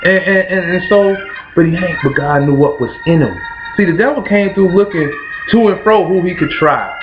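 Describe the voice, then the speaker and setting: This host from Kentucky, accent intact, preaches motivationally at normal speed with a high voice and rhythmic repetition. The background is noisy, with music behind him on a dull lo-fi recording.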